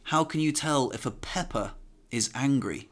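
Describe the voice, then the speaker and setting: A man co-hosts a podcast in easy, casual chat. His voice is bright and forward. He tells his stories with animation and acts out the voices he quotes. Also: mid-range voice, moderate pace. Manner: animated storyteller acting out quotes. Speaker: podcast co-host.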